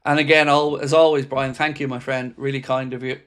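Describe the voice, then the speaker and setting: A fan channel host commentates on a football match live during a watchalong, openly exasperated, frustrated, and swearing without restraint. Between calls of the play he reads out and answers viewer messages. His mid-range voice is level, smooth and fairly bright, a little fast.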